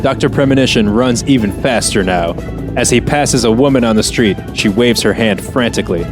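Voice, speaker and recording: A man's voice: medium pitch, brisk, over music. A man co-hosting a podcast, narrating a comedy script he wrote and defending it with an earnest, laughing manner. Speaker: podcast co-host and script writer. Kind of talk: narrating a script and casual chat.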